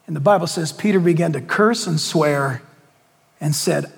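High-voiced man preaching, vivid storyteller, long echo. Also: moderate pace, vocal fry, slightly rough. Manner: dramatic storytelling with direct questions to the congregation. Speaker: pastor. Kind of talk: sermon.

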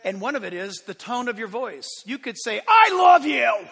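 A man preaching a sermon as pastor, swinging between emphatic bursts and quiet asides. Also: high voice, brisk, slightly rough. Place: church hall. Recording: long church hall reverb.

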